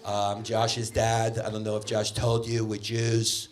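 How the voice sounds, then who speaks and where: A comedian voicing an awkward, hesitant dad at a school career day, speaking quietly with ums in front of a crowd. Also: male voice, on the low side, completely flat delivery, measured pace, a little hiss or hum, lightly acted. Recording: live club with crowd laughter.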